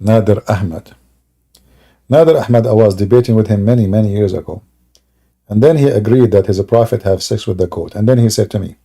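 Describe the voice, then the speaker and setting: A man with a voice on the low side streams live at a moderate pace, his delivery marked by vocal fry. He mocks and sneers sarcastically in broken English, regularly escalating into loud taunting shouts.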